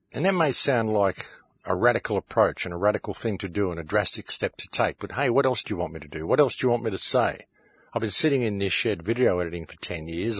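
A man's voice: low-pitched, a bit bright, breathy edge, no room sound. A man hosting his own show, delivering an impassioned, ranting monologue and calling his listeners "folks", recorded in a home shed. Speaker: show host.

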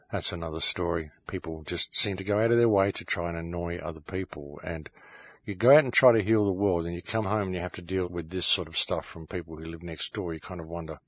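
Recorded in a home shed, a low-pitched man hosts his own show, delivering an impassioned, ranting monologue and calling his listeners "folks."

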